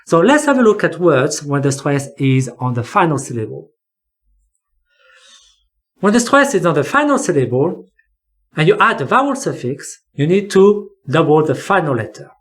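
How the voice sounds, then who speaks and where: Lively, deliberate English teacher. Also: medium pitch. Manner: slow and deliberate, repeats key words for emphasis. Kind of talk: spelling lesson explanation.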